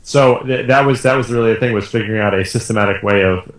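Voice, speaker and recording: Brief: low-pitched male guest, conversational, roomy echo. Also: fast. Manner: conversational, restarts phrases often. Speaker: podcast guest. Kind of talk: casual interview talk.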